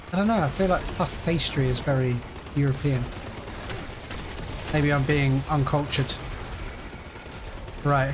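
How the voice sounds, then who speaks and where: A man's voice: a little high, noisy background. A young British man streaming a video game live, chatting casually and answering viewers while he plays. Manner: chatty, reads and answers chat while playing. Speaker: gaming livestreamer.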